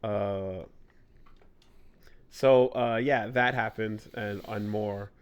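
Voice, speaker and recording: A man's voice: lowish voice, fairly even intonation, very slow, smooth. A man co-hosting a podcast in casual chat, rambling with lots of fillers as he explains game mechanics. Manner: rambling, filler-heavy, enthusiastic about fighting games. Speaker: podcast co-host.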